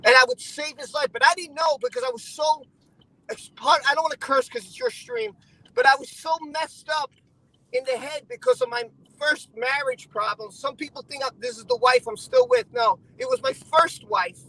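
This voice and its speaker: A man speaks in a bright, high voice, heated and emotional as he vents on a live stream. He keeps repeating himself. The sound is dry and close. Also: very animated, normal speed, creaky, no echo, poor audio. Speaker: stream guest. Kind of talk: casual chat.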